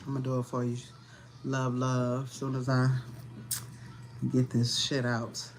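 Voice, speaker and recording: A woman's voice: rumbling low, completely flat delivery, a little slow, a little hiss or hum. A woman giving a casual livestream tarot reading, talking in a blunt, profane, slangy way and sounding tired and annoyed. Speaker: tarot reader.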